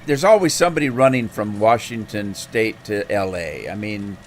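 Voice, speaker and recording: A man's voice: lowish voice, lively intonation, normal speed, slight background noise. A man streaming a farming game, telling a folksy, rambling story with plenty of fillers and restarts. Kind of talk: casual storytelling while gaming.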